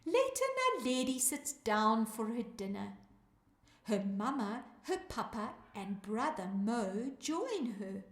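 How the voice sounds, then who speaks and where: A woman's voice: on the high side, echoey room. A woman from South Africa, a children's music teacher, reading a rhyming story aloud in a sing-song way and calling out to young listeners.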